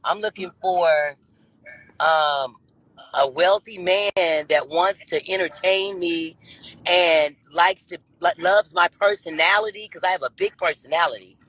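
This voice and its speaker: A woman's voice: fairly low pitch, unhurried, a bit bright, no room sound, poor audio. Brash self-assured woman in her fifties. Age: 50s. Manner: brash, drawling, self-assured, repeats herself. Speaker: guest on a dating talk show. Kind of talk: boastful interview answers.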